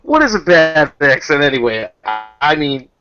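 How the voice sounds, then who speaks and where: A man's voice: fairly high pitch, very animated, normal speed, bright, forceful tone, soft background music. Man with a Boston accent, hesitant. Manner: hesitant, lots of fillers. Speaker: guest. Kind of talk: casual chat. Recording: dull dry sound, video call.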